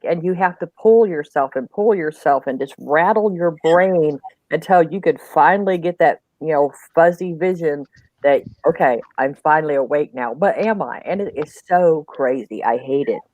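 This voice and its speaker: A woman's voice: sits low, moderate pace, a little mellow, no echo. A woman on a panel talking casually. She describes things earnestly and often repeats words. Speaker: panel guest. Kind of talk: casual chat. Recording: dull dry sound.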